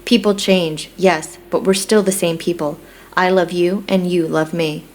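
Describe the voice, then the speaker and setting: A woman reading a romance audiobook, voicing a stubborn young man in love in her own lowish voice. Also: fairly even intonation, measured pace, natural voice. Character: young man, stubborn small-town lover.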